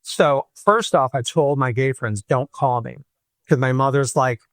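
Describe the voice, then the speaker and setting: A man from Michigan, a podcast guest, telling a personal story in an animated way and acting out the voices he quotes. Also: medium pitch, normal speed, dry recording. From Michigan, USA.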